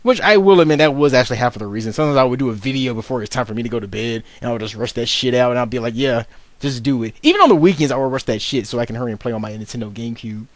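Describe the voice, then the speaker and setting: A man's voice: medium pitch, racing, few pauses, no room sound. A young man giving casual unscripted video commentary, rambling and swearing, with frequent stumbles and restarts as he mocks himself.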